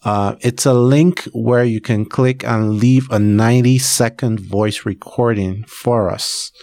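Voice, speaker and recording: Speaking slowly in a creaky, slightly mellow mid-range voice with fairly even intonation, a man from Nigeria delivers a casual solo podcast announcement. As host, he rambles chattily and uses many fillers. The recording is dry.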